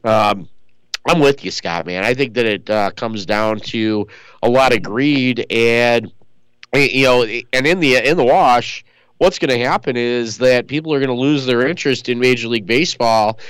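A man's voice: medium pitch, normal speed, a bit bright, clear, resonant tone, no echo, low-quality recording. A man co-hosting a sports talk radio show, chatting casually and rambling with lots of fillers. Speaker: co-host.

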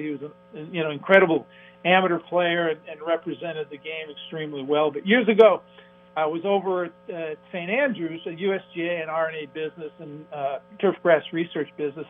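A man calling in as a radio guest, telling a rambling golf anecdote with halting restarts and acting out the people in it. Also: sits high. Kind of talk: phone-in radio interview, anecdotal storytelling. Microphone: phone. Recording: tinny phone line with faint music.

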